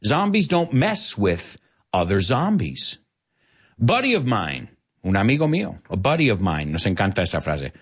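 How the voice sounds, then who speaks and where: Animated husky-voiced male English teacher. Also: fairly low pitch, moderate pace. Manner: animated, explains and repeats words, switches languages. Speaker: English teacher for Spanish speakers. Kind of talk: bilingual language lesson.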